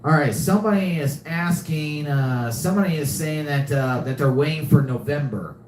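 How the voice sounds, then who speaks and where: A man's voice: on the high side, moderate pace, darkish tone, roomy sound, slight background noise. A young man hosting a live podcast, chatting casually and often repeating himself. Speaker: podcast host. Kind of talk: casual live-stream chat.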